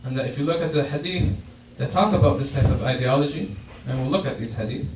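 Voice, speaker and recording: In a mosque prayer hall, a man delivers a Friday sermon explaining a hadith, often repeating and restarting his phrases. His mid-range voice moves fast with lively intonation. The recording is echoey, with a distant mic and faint noise.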